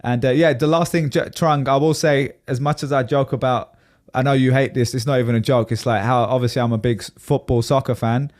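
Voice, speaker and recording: Guy rambling on a podcast, chatty, laughs a lot, mid-pitched voice. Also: fairly even intonation, fairly quick, darkish tone. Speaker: podcast co-host. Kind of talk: casual chat.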